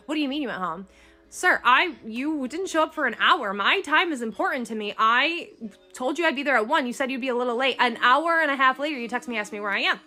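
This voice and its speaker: A woman telling a dating story in casual storytime style, animated and indignant. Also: high-pitched.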